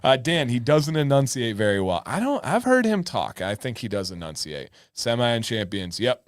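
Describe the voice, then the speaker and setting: A man's voice: medium pitch, wildly swooping pitch, moderate pace, no echo, studio quality. A young man co-hosting a live-stream chat show, joking about himself and reading out viewer comments. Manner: jokey, self-deprecating, reads out chat comments. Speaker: podcast co-host.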